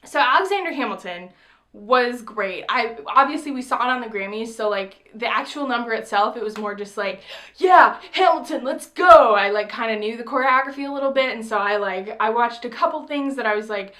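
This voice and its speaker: A young woman telling a story in a casual vlog, chatty and full of "like", quoting herself with excitement. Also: a little high, a little fast. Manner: chatty, says "like" often, quotes herself excitedly. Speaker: vlogger.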